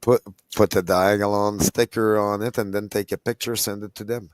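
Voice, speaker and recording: A man's voice: on the low side, level tone, normal speed, dry recording. A man in casual chat, telling a story with many restarts and false starts. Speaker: podcast co-host.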